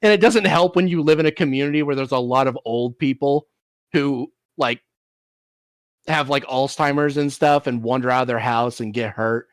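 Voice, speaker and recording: A man's voice: mid-range voice, moderate pace, dry recording. A man hosting a laid-back stream, telling rambling stories with restarts and casual swearing. His voice sits in an ordinary middle range and the recording is close and completely dry. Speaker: streamer host. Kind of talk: casual chat.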